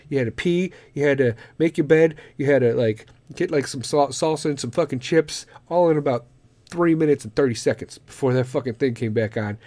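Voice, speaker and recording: A middle-aged man hosting a podcast, delivering a profane comedic rant that is full of swearing and bursts into shouted impressions. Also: a little high, no echo. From Illinois. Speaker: podcast host.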